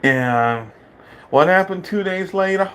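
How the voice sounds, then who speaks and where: A man rants slowly and deliberately in a commentary vlog, circling back to the same points again and again. His voice sits fairly high and has a bright, forceful edge. He sounds indignant and addresses his father directly. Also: lively intonation, clear, resonant tone. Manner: repetitive, indignant, talks straight to his father. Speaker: video creator. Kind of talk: ranting political commentary vlog.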